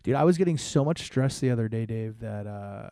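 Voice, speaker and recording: A man's voice: mid-range voice, animated, a little fast, creaky, mellow, dry recording, studio quality. A man co-hosting a podcast, joking around and rambling with lots of restarts. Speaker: podcast co-host. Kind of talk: casual podcast chat.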